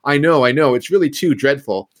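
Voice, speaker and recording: A man's voice: medium pitch, a little fast, natural voice. A man reading aloud and voicing an elderly village spinster who is eagerly spreading gossip. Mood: breathless.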